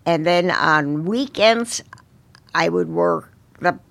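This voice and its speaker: An older woman speaks in a gravelly voice as an interview guest. She tells her stories at an unhurried pace and often restarts her sentences. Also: lowish voice, a bit bright, dry recording. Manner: unhurried storytelling with frequent restarts. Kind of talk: casual interview reminiscence.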